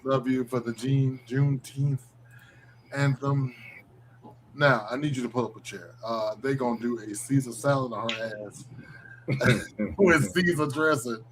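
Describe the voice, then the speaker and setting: A man's voice: mid-range voice, measured pace, a crowd in the background, rough recording. A man hosting a live stream, reacting to clips with playful jokes in a casual chat.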